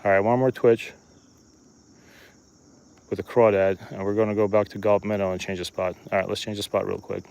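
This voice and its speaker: A man's voice: fairly low pitch, fairly quick, gravelly, long pauses. A man giving casual, chatty live-stream commentary outdoors at a riverbank, talking to his viewers while he fishes. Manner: relaxed, chatty, talks to viewers while fishing. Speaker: fishing streamer.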